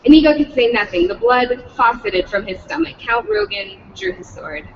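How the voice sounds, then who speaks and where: A woman's voice: a little high, animated, normal speed, big-room sound, recorded from a distance, muffled recording, slight background noise. A woman reading a novel aloud at a public read-in, slipping profanity into the text. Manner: adds profanity, breaks off laughing.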